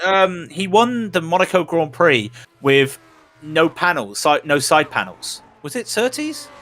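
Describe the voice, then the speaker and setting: Bright-voiced commentator, man. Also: a little high, big pitch swings, unhurried. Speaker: race commentator. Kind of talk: live sim racing commentary.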